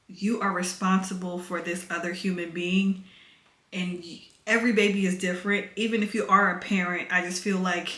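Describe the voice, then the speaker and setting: A woman's voice: mid-range voice, a bit bright, reverberant. A young pregnant woman vlogging at home over dinner, talking candidly and emotionally in a casual chat to camera.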